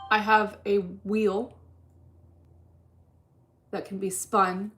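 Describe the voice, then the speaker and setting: Female livestream host, deadpan and profane, mid-range voice, casual chat delivery. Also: mid-range voice. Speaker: livestream host reading chat while day trading.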